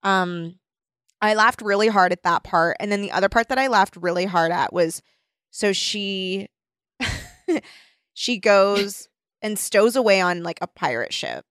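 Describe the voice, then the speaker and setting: A woman's voice: mid-range voice, measured pace, fairly bright tone, dry recording, clean studio sound. A woman co-hosting a casual chat, talking loosely with lots of fillers and giggles. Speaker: podcast co-host.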